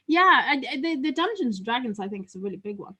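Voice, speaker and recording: A high-voiced woman co-hosts a relaxed podcast chat. She talks in loose, rambling bursts, padding with fillers. She laughs easily between her thoughts. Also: fast, slightly rough. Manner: chatty, laughs often, trails off with fillers. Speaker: co-host.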